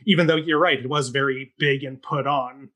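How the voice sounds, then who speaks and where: Bright-voiced man reviewing a play. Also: mid-range voice, steady tone. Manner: measured, stammering restarts. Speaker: theatre reviewer. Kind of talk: casual podcast review chat.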